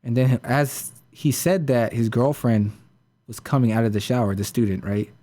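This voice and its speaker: A man hosts a podcast, retelling a story casually and ramblingly, full of fillers and restarts. His voice is medium-pitched and dark in tone, at a moderate pace.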